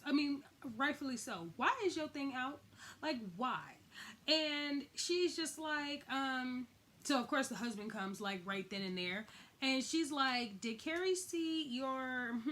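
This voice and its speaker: Young woman, casual TV recap host, AAVE lilt, fairly high voice, animated retelling. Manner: chatty, animated, heavy use of "like", acts out quotes.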